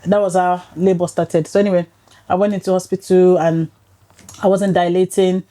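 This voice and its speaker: Woman in her forties, storyteller, mellow warm tone, lively and laughing. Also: lowish voice, normal speed. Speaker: podcast guest. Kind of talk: casual chat, storytelling. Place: podcast studio.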